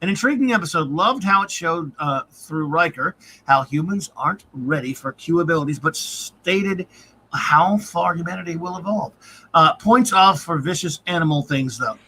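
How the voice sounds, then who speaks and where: A man's voice: on the high side, expressive, moderate pace, bright, forceful tone, a little hiss or hum. A man hosting a casual live-stream review, reading out viewer comments and grades and chuckling often. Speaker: podcast host.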